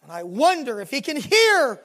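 A preacher with a Southern American accent delivering a sermon, telling the story dramatically and slowing down and dropping low for emphasis. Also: wildly swooping pitch, a bit bright. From Southern United States.

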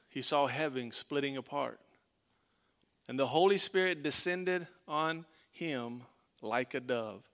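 A man preaching a sermon as a pastor, emphatic, repeating lines and dropping to a hush for weight. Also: medium pitch.

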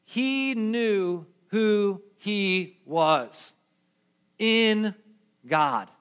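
A young adult male pastor giving a casual, conversational sermon in an animated, slangy way. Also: high-pitched, extremely slow, clean tone. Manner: animated, slangy, acts out quoted voices.

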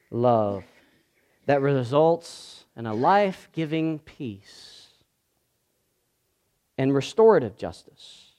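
Male pastor, slightly high voice, sermon delivery that drops to a hush and builds to loud emphasis. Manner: dynamic preaching, swings from hushed to loud and emphatic.

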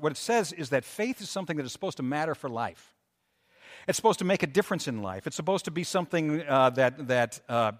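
A man preaching a sermon, restarting his phrases and raising his voice for dramatic scripture readings. His voice sits at an ordinary middle pitch. It rings out with a long reverb, as in a large hall. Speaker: pastor.

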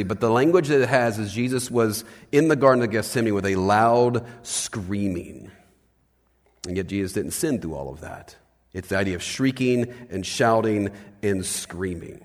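A man preaching a sermon as pastor, animated, swinging between loud bursts and hushed lines and asking his listeners questions. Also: lowish voice. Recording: long hall reverb.

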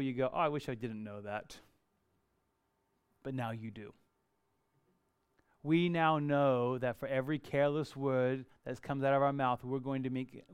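A man preaching a sermon in a conversational, animated way, acting out little asides. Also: mid-range voice, clean tone, no room sound. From Australia. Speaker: pastor.

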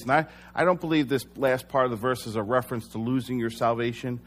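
A middle-aged man preaching in a church, telling a personal story with animated delivery and self-deprecating humor. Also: mid-range voice, fast talker, hardly any pauses, a little hiss or hum. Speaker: pastor.

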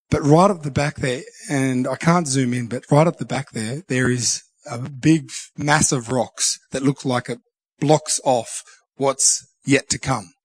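A man sharing a personal devotional reflection, earnest and halting, often restarting his sentences. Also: medium pitch, no echo. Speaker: Christian speaker sharing a devotional.

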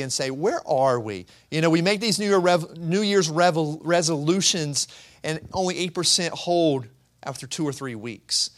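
A man's voice: on the high side, a bit bright. A man preaching a sermon as pastor, in a conversational way, often repeating words as he searches for the next phrase.

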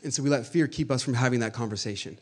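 A man's voice: mid-range voice, racing, a little mellow, husky. A man in his thirties, a pastor, preaching a conversational sermon with frequent fillers and restarts and reading scripture aloud.

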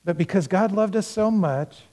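A man's voice: high-pitched, moderate pace. A male pastor preaching a sermon, telling a parable with acted-out dialogue and speaking earnestly and directly to the congregation. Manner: storytelling with acted-out dialogue, swinging between loud and hushed.

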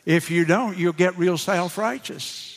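Man, preacher, sermon, unhurried delivery, emphatic pauses, long hall reverb. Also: high voice. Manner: slow, emphatic preaching with dramatic drops to a hush.

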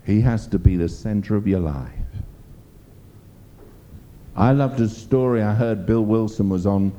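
A man's voice: fairly low pitch, measured pace, warm tone, highs cut off. A man preaching a sermon, emphatic and rambling as he tells stories. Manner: emphatic, rambling storytelling with fillers.

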